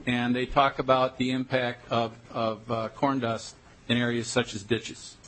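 A man giving public testimony at a committee hearing, earnest and halting. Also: medium pitch, little pitch movement, fairly bright tone, rough recording.

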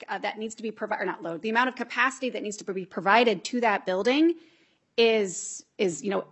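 A woman's voice: fairly high pitch, fairly bright tone, slightly rough. A woman legislator giving explanatory committee testimony, with frequent restarts and fillers. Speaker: state legislator.

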